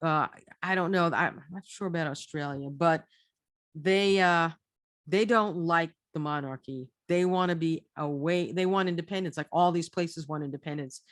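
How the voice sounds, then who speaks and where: A woman's voice: deep voice, normal speed, no echo, studio quality. A woman telling a casual travel story, chatty and rambling, restarting her phrases often. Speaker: storyteller recounting a trip.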